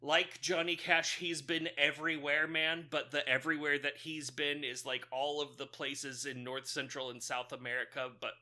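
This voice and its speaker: A man's voice: a little high, level tone, normal speed, hardly any pauses, pushed and bright. A man co-hosting a podcast, casually recapping a movie plot in a rambling way with loose fillers and frequent chuckles. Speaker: podcast co-host.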